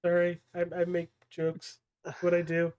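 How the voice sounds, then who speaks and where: Dry joker guy cohosting a wrestling pod, bit higher voice. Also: a little slow, clear, resonant tone. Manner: deadpan dark jokes. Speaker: podcast co-host. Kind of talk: casual wrestling chat.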